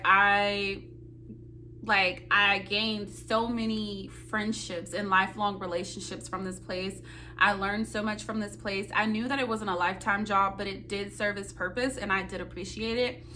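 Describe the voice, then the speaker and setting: Bright, dramatic young woman vlogger. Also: slight background noise. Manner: animated and dramatic, quoting herself in loud high bursts; talks straight to viewers, calling them y'all. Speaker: nursing student vlogger. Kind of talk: casual storytelling vlog.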